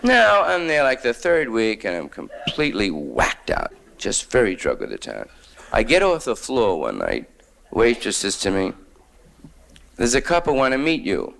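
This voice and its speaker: A man's voice: lowish voice, huge pitch swings, moderate pace, vocal fry, a bit bright. A man from New York doing a wry, rambling stand-up monologue full of hip slang. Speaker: stand-up comedian.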